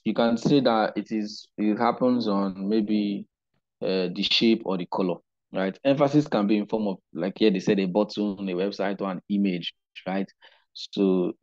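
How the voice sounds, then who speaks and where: A man teaching a digital marketing class online, unhurried and explanatory, often checking in with "right?". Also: fairly low pitch, lo-fi sound. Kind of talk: live online class lecture.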